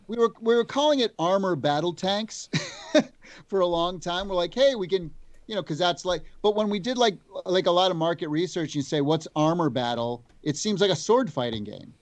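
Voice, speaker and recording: Game developer guest, man, slightly high voice, animated stories with many restarts, dry close sound. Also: moderate pace, no echo. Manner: animated storytelling, full of restarts. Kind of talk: casual chat.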